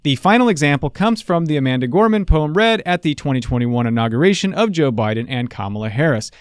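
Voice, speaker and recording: A man teaching public speaking in a playful, joking scripted style. His voice sits a little high, with a very lively, animated melody. The sound is close and dry. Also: quick pace, smooth, no echo. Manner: playful, jokey, upbeat. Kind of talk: scripted video lesson.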